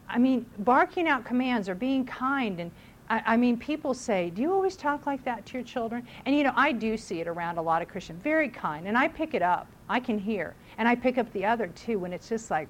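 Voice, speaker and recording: A woman's voice: a little high, expressive, fairly quick, a little hiss or hum. A middle-aged mother giving casual parenting advice, chatty, who acts out what people say. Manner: chatty, acts out voices in quotes.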